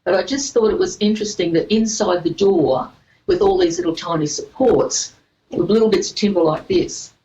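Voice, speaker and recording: A woman's voice: fairly low pitch, expressive, moderate pace, dark tone, muffled recording. A woman guest telling a personal story in a casual chat. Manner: storytelling, laughs easily.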